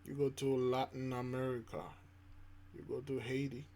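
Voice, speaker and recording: A man hosting his own channel, giving preachy reaction commentary, emphatic and repetitive, swinging between loud and soft. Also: medium pitch, flat delivery, moderate pace. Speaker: channel host.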